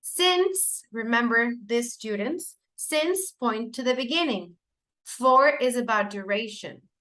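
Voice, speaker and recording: A woman's voice: fairly high pitch, expressive, takes it slowly, pushed and bright. Woman giving a teacher-training lecture. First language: Spanish. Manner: explanatory, with fillers and self-corrections.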